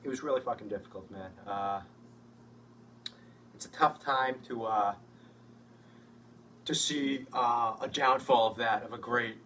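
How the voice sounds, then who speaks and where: A man talking as an interviewed sports fan, halting and full of fillers, choked up. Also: medium pitch, a bit bright, slight background noise. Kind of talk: casual mock interview. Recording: distant mic with faint ambience.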